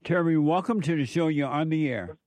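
A man with a slightly high voice hosts a call-in radio show from a dry, close studio mic. He is blunt, laughs often at his callers, and lectures them without softening his words. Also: brisk, no echo. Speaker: radio talk show host.

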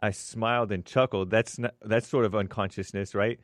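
A man co-hosting a radio talk show, chatting in a soft-spoken, hesitant and self-deprecating way. His voice is on the low side and sounds dry and close in the studio. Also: steady tone, moderate pace, no room sound. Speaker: radio co-host. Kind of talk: casual studio banter. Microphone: studio mic.

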